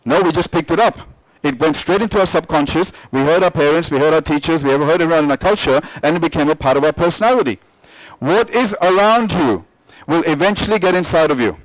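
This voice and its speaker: High-voiced emphatic male motivational speaker. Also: lively intonation, fast, no room sound, low-quality recording. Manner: emphatic, repetitive, asks the audience questions. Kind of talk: motivational talk to an audience.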